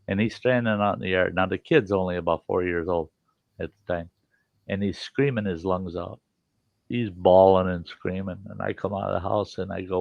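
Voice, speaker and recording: Gravelly older man swearing through stories. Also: low-pitched, steady tone, moderate pace, no room sound, muffled recording. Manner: rambling, profane and laughing. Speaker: livestream host. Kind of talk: casual storytelling chat.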